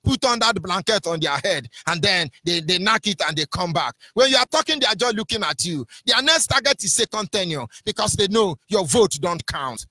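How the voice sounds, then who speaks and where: A Nigerian man hosts a radio broadcast, his high, bright voice ringing with fiery political commentary. He hammers at listeners with rhetorical questions, letting his lines rise and fall in a sing-song way. The sound is dry and close, with no room around it. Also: expressive, moderate pace, hardly any pauses, dry recording. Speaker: radio host.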